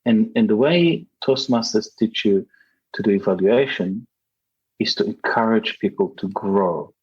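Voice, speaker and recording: A man's voice: on the low side, unhurried, a little mellow, slightly rough, lo-fi sound. A man for whom English is a second language, giving emphatic interview answers over a remote call. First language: not English. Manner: emphatic, acts out quoted voices. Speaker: podcast guest, public speaking champion.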